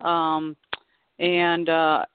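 A woman's voice: deep voice, extremely slow, smooth. Woman in her fifties on a tinny phone line. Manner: chatty and relaxed, laughing often. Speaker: guest professional golfer. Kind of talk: casual phone-in radio interview.

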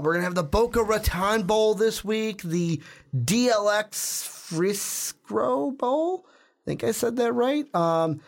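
Young male podcast co-host, higher voice, chatty and rambling, casual sports talk. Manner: rambling, chatty, self-correcting.

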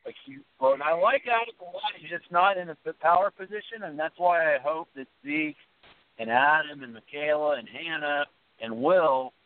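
A man hosting a podcast, recapping a TV show in casual, rambling talk full of restarts. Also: a little high. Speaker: podcast host. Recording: tinny phone-line audio.

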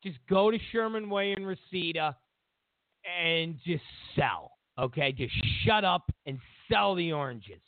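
Ranting and mocking over and over, this man hosts a talk radio show of political commentary. His fairly high voice has lively intonation and a slightly slow pace, heard through a dry, tinny phone line.

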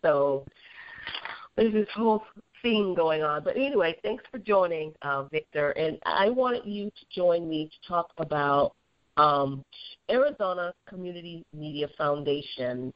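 A woman's voice: low-pitched, lively intonation, a little slow, no room sound. A woman from Georgia with a Southern accent mixed with Midwestern sounds, hosting a casual interview in a chatty, self-deprecating way with many fillers. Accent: Southern US mixed with Upper Midwest. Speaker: podcast host. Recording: muffled lo-fi recording.

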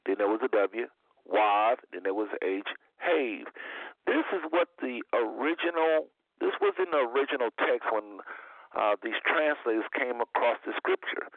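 A man's voice: medium pitch, no echo. A man hosting a talk radio show, preaching earnestly and repeating himself for emphasis. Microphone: phone call-in line. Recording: dry phone-line sound.

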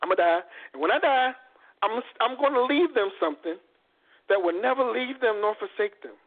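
A man's voice: sits high, lively intonation, moderate pace. A man voicing an exasperated loving God. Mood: exasperated, resolute. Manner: exasperated, resolute. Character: frustrated yet loving God, male. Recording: phone-like lo-fi audio.

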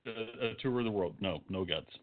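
Male co-host, sleepy dry humor, mid-pitched, phone-like sound. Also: brisk. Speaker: podcast co-host. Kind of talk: casual comedic banter.

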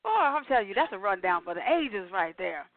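A woman hosting a casual radio sports chat, animated and laughing, often repeating words as she hypes the show. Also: medium pitch, brisk, dry recording. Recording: tinny phone-line sound with faint music.

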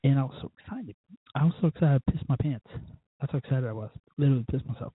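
Guy rambling about his date, husky voice, dry tinny phone line. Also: mid-range voice, fast, dry recording. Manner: profane, rambling, self-mocking. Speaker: podcast host. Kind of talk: casual storytelling monologue.

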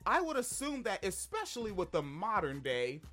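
A man co-hosting a podcast, telling a story in a casual, profane, animated way. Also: high voice, normal speed. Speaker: podcast co-host. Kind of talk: casual chat.

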